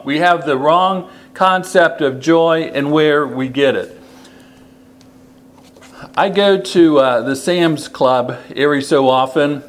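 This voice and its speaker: A man preaching a sermon, slow and deliberate, repeating key phrases for emphasis. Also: on the high side.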